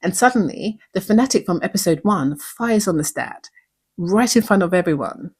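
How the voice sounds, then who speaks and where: A woman's voice: medium pitch, lively intonation, moderate pace, slightly rough. A woman hosting a recap show, talking in an earnest, reflective way and asking many questions. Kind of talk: recap commentary.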